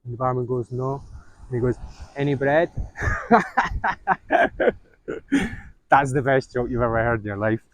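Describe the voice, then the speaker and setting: A man's voice: medium pitch, fairly even intonation, racing, few pauses, no echo, low-quality recording. A man with a Donegal Irish accent, a travel vlogger chatting casually to camera outdoors on a beach in a rambling, easygoing way, with slang and swearing. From Donegal, Ireland. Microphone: clip-on mic. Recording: outdoor wind noise.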